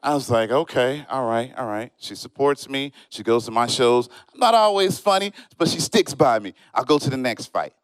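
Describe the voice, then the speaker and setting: A man doing a stand-up comedy set on stage, telling stories in an animated way and acting out the people in them. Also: medium pitch, normal speed, few pauses, smooth, no room sound. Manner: animated storytelling, acts out friends and strangers in quoted voices. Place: comedy show stage, live audience.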